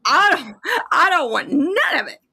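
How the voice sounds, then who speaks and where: Her voice sits high, pushed and bright, with some vocal fry, and she's very animated though unhurried. She's a kratom advocate on a livestream, angrily venting and swearing in casual chat, thoroughly worked up.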